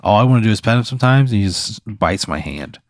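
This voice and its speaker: A man's voice: lowish voice, expressive, fast talker, no room sound, clean studio sound. A young man reacting with exasperated, incredulous remarks and frequent swearing in casual banter. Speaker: podcast co-host, listener of the hypothetical.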